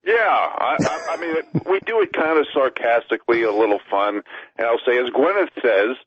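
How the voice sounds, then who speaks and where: A man's voice: medium pitch, lively intonation, normal speed, slightly rough, no room sound. A man calling into a radio talk show as a regular co-host, emphatic and ranting as he piles up lists. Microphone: telephone. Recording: tinny phone line.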